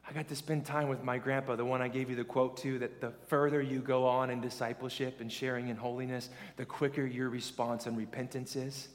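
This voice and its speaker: A male pastor preaching a sermon in a lively, conversational way, calling on the congregation to repeat lines after him. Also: medium pitch, brisk, few pauses. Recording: long reverb of a large hall.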